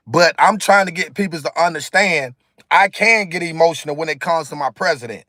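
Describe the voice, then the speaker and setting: A man's voice: on the high side, a bit bright, no echo, studio quality. Emphatic man ranting on a live stream. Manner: repetitive, emphatic, talks straight to viewers. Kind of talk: casual live-stream rant. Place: in a car, outdoors in sunlight. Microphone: phone camera.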